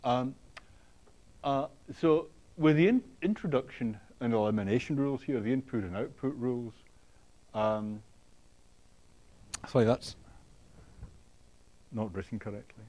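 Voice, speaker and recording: Halting male lecturer, mid pitch. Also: warm tone. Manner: halting, many ums and restarts, checks in with students. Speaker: university lecturer. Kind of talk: classroom lecture. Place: lecture hall.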